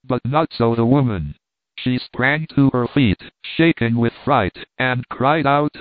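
A man's voice: mid-range voice, takes it slowly, no room sound. Man narrating a storybook over a tinny line. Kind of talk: audiobook narration. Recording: tinny phone-like line, dry.

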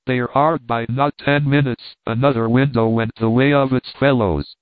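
A man narrating a classic novel aloud in a steady, measured way. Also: mid-range voice, dry recording. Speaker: audiobook narrator. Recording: tinny phone-like line, dry.

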